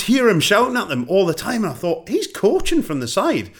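A man hosting a casual football podcast, telling stories with lively energy and running the show. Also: high-pitched, fairly quick, few pauses, breathy edge. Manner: lively storyteller, animated when quoting. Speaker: podcast host.

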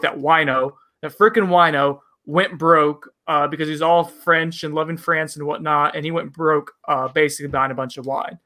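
A man's voice: on the high side, bright, forceful tone. A man co-hosting a casual bourbon review chat, rambling and self-deprecating, with lots of fillers.

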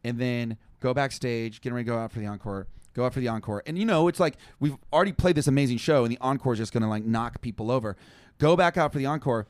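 A young man telling a long, rambling story in casual chat, animated and full of fillers. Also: mid-range voice, fast, no room sound. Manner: animated, rambling, heavy use of "like". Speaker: touring musician, guest.

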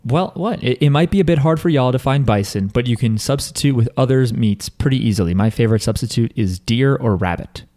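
A man's voice: medium pitch, dark tone. A man co-hosting a casual podcast, reading a listener email aloud with wry, joking asides. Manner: wry, joking asides, drops into quick mutters. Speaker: podcast co-host.

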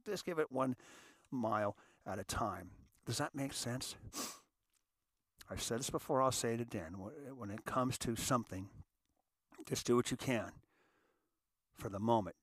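A man's voice: mid-range voice, a bit bright, dry recording, clean studio sound. Man telling a reflective personal story. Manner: conversational storytelling, acts out quotes. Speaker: podcast host.

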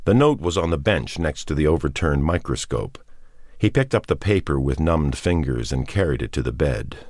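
A man narrating a novel as a scripted audiobook reading, in a measured, unhurried manner. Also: extremely low pitch, sing-song, darkish tone, dry recording, studio quality.

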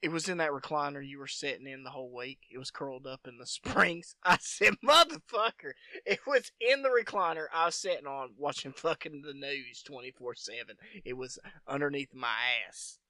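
Man, podcast host, casual profane storytelling, bright and dry close sound. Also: mid-range voice, a little fast, hardly any pauses, no echo.

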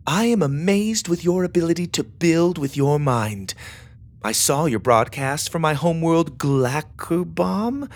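A man's voice: on the high side, animated, measured pace, voice pushed up. A man voicing a bold, playful teenage girl cadet in an audiobook story. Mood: teasing. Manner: playful and teasing.

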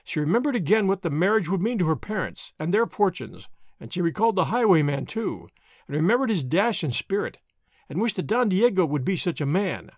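A man narrating a classic adventure novel as an audiobook, with an expressive, measured reading. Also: sits high, no room sound, studio quality.

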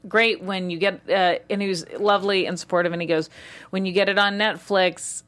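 A woman's voice: medium pitch, fairly quick. A woman telling a funny story in a casual chat, acting out the voices of the people she quotes. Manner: animated, acts out quoted voices. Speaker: guest comedian.

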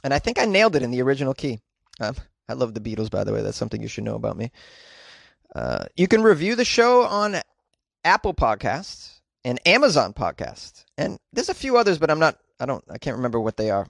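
A man's voice: medium pitch, creaky, fairly bright tone, no echo, clean studio sound. A man hosting his own podcast, chatting in a loose, jokey, rambling way and reading out listener messages. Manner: jokey, rambling, breaks into off-key singing. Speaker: podcast host. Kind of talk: casual solo podcast chat.

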